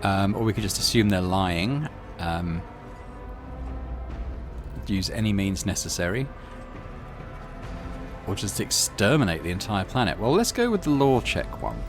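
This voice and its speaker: A man's voice: fairly low pitch, lively intonation, a little slow, pauses often, soft background music. Wry man narrating a game. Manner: wry, chatty asides. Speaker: let's play host. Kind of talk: reading a game aloud with asides.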